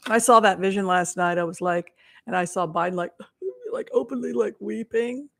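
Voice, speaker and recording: A woman's voice: medium pitch, animated, moderate pace, gravelly, a bit bright. A woman hosting a casual tarot reading livestream, earnest and at times dropping to near whispers. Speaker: psychic livestream host.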